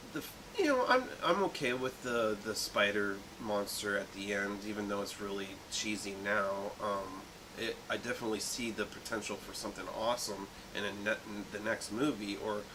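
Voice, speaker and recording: A man in his late thirties co-hosting a movie review podcast, talking in a thoughtful, rambling way with many pauses. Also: lowish voice, background noise. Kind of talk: casual chat.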